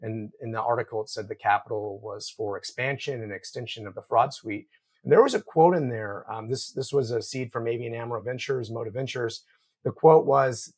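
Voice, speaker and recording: A man's voice: mid-range voice, a little fast, a little mellow, breathy edge. A man hosting an interview podcast, summarizing his guest's points and leading with questions. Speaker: podcast host.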